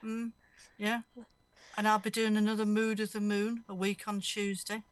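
A woman's voice: mid-range voice, little pitch movement, moderate pace, dry recording. A woman hosting a radio show, chatting casually and telling rambling anecdotes, often laughing mid-story. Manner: rambling, anecdotal, laughs through her stories. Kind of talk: casual chat.

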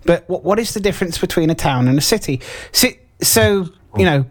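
A man's voice: sits high, animated, a little fast. Chatty young male radio host. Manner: chatty, hesitant, with restarts and shout-outs to listeners. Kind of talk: casual radio banter.

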